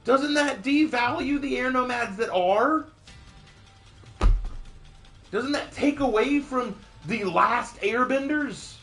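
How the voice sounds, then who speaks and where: Earnest man chatting on a livestream. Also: very high voice. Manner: earnest, explains at length with restarts; rants with rising, excited emphasis. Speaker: livestreamer answering viewer questions. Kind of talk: casual live-stream chat.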